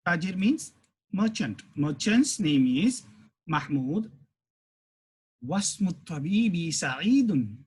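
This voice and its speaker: Slow husky male Arabic teacher. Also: fairly high pitch. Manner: slow, repeats phrases, reads Arabic then translates. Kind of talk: grammar lesson.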